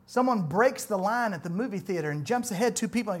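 A middle-aged man delivers a sermon. He drops to near-quiet asides, then climbs in pitch and volume to press rhetorical questions on his listeners. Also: animated, fast talker, hardly any pauses. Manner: dramatic swings from soft to loud, rhetorical questions. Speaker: preacher.

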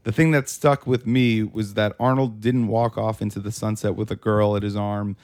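A man's voice: on the low side, flat delivery, moderate pace, a little mellow. A man hosting a podcast, talking loosely about a film with friends, rambling and restarting his thoughts. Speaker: podcast host. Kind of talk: casual movie discussion.

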